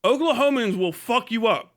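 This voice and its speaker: Guy livestreaming a profane joking rant, bright sharp voice, laughs a lot. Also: extremely high pitch, animated, moderate pace. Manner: laughs often, crude and mocking. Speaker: livestream host.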